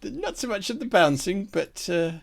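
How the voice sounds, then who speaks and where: Brief: male game master, bright animated narration, playful scene-setting. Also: high voice, moderate pace, creaky. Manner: vivid, playful description.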